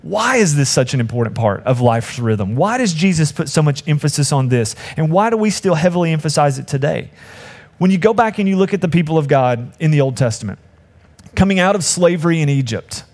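A man's voice: a little high, a little mellow. A man preaching a conversational sermon as pastor, acting out quoted voices with humor.

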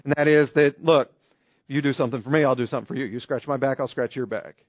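A man preaching a sermon in a relaxed, conversational way, telling everyday stories to make his points. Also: mid-range voice, quick pace, dry recording, muffled recording. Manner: conversational, illustrative storytelling. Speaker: pastor.

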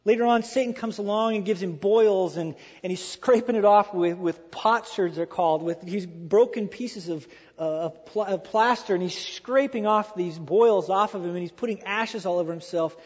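A man preaching a sermon in a lively, animated way, acting out quoted voices and repeating phrases for emphasis. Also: high voice, moderate pace. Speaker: pastor. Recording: dull lo-fi sound with long hall reverb.

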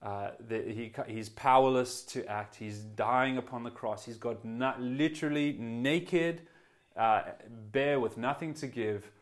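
Earnest male preacher, mid-pitched. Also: measured pace. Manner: earnest, rises for quoted prayers, drops soft at hushed moments. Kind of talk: sermon.

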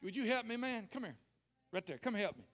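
A man preaching a lively sermon, calling out to the congregation and acting out scripture scenes. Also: high-pitched, a little fast, slight background noise. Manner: animated, calls for responses, acts out scenes.

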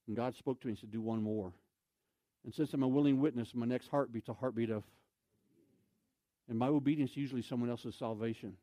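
A man telling a story in a sermon as an evangelist, animated, with loud exclamations and quoted voices. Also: mid-range voice, brisk, dry recording.

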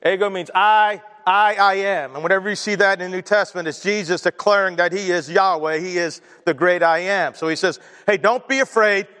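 High-voiced man preaching in a reverberant church. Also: steady tone, brisk, hardly any pauses, pushed and bright, clean tone. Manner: conversational preacher, asides with chuckles, leads congregation in prayer. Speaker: pastor. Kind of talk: sermon. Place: church sanctuary.

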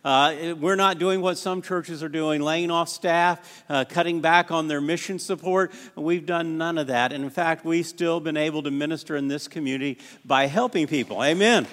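A man's voice: on the high side, moderate pace, hardly any pauses, fairly bright tone. A middle-aged man preaching a sermon as a pastor, often repeating words and calling on the congregation to respond. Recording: reverberant church hall.

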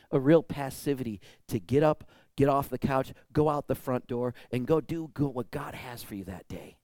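Male pastor, conversational sermon, animated storytelling, dry close sound. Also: mid-range voice, no echo.

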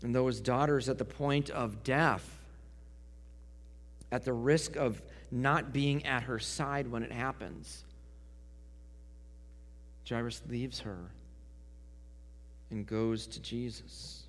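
A man's voice: mid-range voice, fairly even intonation, takes it slowly, long pauses. Preacher man in a reverberant hall. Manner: dramatic swings from loud to hushed. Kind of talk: sermon.

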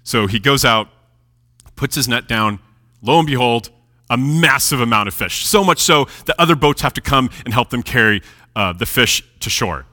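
Animated, bright-voiced male preacher. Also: mid-range voice, normal speed. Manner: chatty, animated, laughs at own jokes. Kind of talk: casual storytelling sermon.

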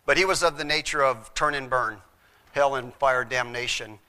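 A man's voice: medium pitch, normal speed, pushed and bright. A middle-aged man, a former chaplain, telling his faith testimony in an earnest storytelling way and acting out the voices in his story.

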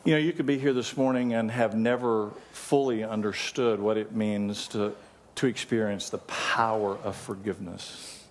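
A man's voice: lowish voice, fairly even intonation, normal speed, slight background noise. A male pastor preaching a sermon, telling stories and then leading his congregation in prayer. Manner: storytelling, leads the congregation in prayer. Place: church sanctuary. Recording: long reverb of a large hall.

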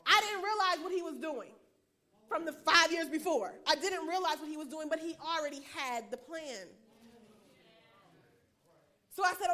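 Woman chaplain giving her testimony, high voice, talks super fast and lively. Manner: fast-talking, animated, laughs often. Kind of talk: preaching a personal testimony.

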